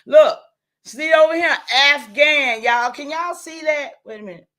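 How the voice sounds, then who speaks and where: Her voice is high and fairly bright, and she speaks a little slowly. As host of a livestream, she talks straight to those watching, insisting on her points over and over, letting swear words slip when worked up and then apologising for them.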